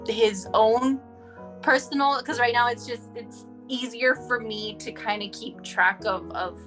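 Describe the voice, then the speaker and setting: A woman's voice: on the high side, steady tone, a little slow, music in the background. A woman from Texas, a mother being interviewed, talking in a rambling, chatty way with lots of fillers. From El Paso, Texas. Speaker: guest, mother of a sick child. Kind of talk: casual interview.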